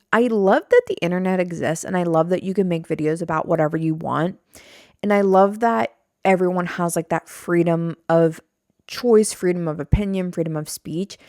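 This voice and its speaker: Speaking into a studio mic on a stand, a young woman runs her own podcast with a lowish, darkish voice. She rambles in a relaxed, self-deprecating way and curses now and then. The audio is clean studio quality without any echo.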